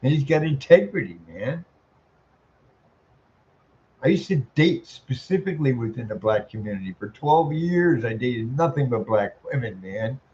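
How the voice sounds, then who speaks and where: Man, 60s, squeaky voice, medium pitch, profane heated rant, muffled lo-fi recording. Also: expressive, normal speed, a little mellow. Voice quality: self-described squeaky voice. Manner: blunt, heated, swears a lot, tags lines with "man". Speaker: commentator. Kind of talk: profane ranting commentary. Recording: muffled lo-fi audio.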